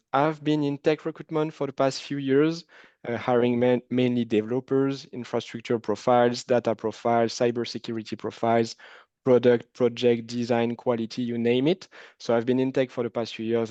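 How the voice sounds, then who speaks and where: A man with a French accent speaks as a webinar panelist, his voice smooth and clear at an ordinary pitch. He talks in a friendly way, with small hesitations. The audio is dry and close, with the dull, lo-fi tone of a video call. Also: a little mellow, no echo. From France. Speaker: panelist, recruiting director. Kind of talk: webinar panel self-introduction.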